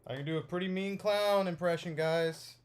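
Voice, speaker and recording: A young man giving casual, rambling unboxing commentary, excitable and full of filler words. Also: sits high, normal speed. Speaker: toy unboxing vlogger.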